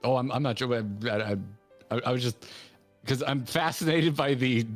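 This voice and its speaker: A man hosting a game stream, rambling and excitable in casual chat. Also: mid-range voice, normal speed. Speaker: streamer host. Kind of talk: casual let's-play chat. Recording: faint game music behind.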